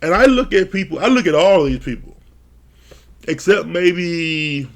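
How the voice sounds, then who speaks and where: Gravelly, laughing reality show reviewer man. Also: on the high side, a little slow. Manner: laughs often, swears freely, animated retellings. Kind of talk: casual profane commentary.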